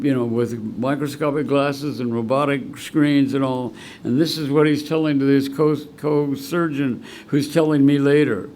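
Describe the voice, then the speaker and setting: Gravelly, heartfelt man telling his story. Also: mid-range voice, mellow, a little hiss or hum. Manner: heartfelt, rambling storyteller who chokes up. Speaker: guest speaker at a recovery meeting. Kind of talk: personal recovery talk. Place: meeting room at a school.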